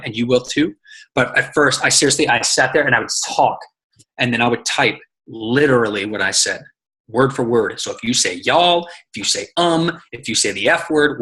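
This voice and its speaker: Bright-voiced energetic male coach. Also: medium pitch, rough recording. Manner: energetic, profane, storytelling with acted quotes. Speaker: coach on a team call. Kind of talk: casual motivational teaching.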